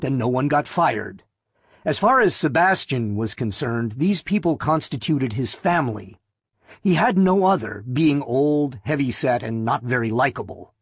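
A man narrating a novel as an audiobook, in a measured, steady reading. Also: mid-range voice, husky, no echo, clean studio sound. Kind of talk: scripted narration.

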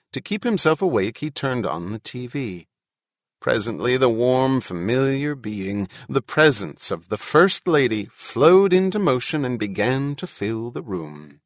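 In clean studio sound with no echo, a man with a lowish voice narrates a novel for an audiobook. His scripted delivery is measured and even, like a steady storyteller.

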